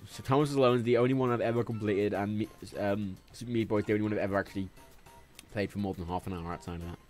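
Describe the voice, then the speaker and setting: A young Englishman with a faint Liverpool twinge chats casually on a gaming livestream, rambling, swearing freely and hopping from topic to topic. His voice is fairly low, a little mellow and fairly even in intonation, and he talks in rapid-fire bursts. Faint game music plays underneath.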